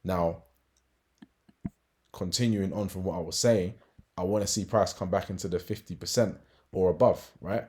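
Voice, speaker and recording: Low-voiced man walking through trade setups. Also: fairly even intonation, moderate pace, long pauses, dark tone. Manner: chatty, frequent tag questions and fillers. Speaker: trading educator. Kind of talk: casual market analysis walkthrough.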